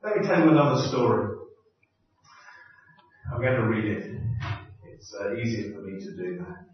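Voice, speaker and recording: A man preaching a sermon, telling stories in a slow, deliberate way with pauses and small hesitations. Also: medium pitch, sing-song. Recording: echoey hall, distant dull mic.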